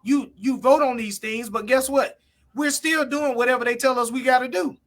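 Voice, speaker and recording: A man's voice: very high-pitched, normal speed, fairly bright tone. A man co-hosting a live talk stream, arguing his point bluntly in casual conversation and greeting viewers by name. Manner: blunt, repetitive, reads viewer comments aloud.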